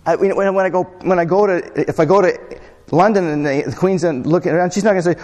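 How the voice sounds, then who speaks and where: A man preaching a sermon in a relaxed, conversational way, often putting questions to his congregation. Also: sits high, moderate pace. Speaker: pastor. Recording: long reverb of a hall.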